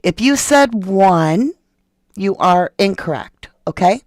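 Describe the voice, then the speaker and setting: A woman's voice: medium pitch, animated, slow, darkish tone, dry recording, studio quality. A woman hosting a true crime podcast in a casual, chatty way, talking straight to her viewers and reading a document aloud.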